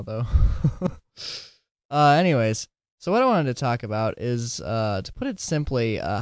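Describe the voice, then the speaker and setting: Podcast host, male, tired and giggly, rambling casual delivery with some slurring, lowish voice, dry close mic. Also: dry recording. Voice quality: drowsy, slurring at times. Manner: giggly, rambling, self-deprecating.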